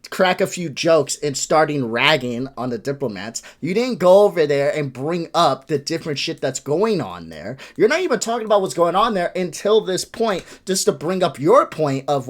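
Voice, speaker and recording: A fed-up man delivers a profane, lecturing rant as he reacts to a clip. His pitch swings widely and keeps rising and falling, so the voice sounds lively even when he is annoyed. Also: moderate pace. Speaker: reaction video host. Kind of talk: ranting commentary.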